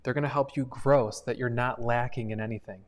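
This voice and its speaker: A young man speaking to students on a livestream, giving a devotional in an earnest, unpolished, conversational style. His voice sits at an average male pitch and stays friendly and sincere, with plenty of "uh" and "um" along the way. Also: fairly even intonation, fairly quick. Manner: earnest and conversational, with frequent fillers. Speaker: youth ministry leader.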